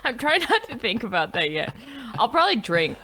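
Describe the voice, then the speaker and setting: Animated, laughing female podcast co-host. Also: fairly high pitch, brisk, rough recording. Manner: animated, self-mocking, laughs a lot. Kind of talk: casual sports chat.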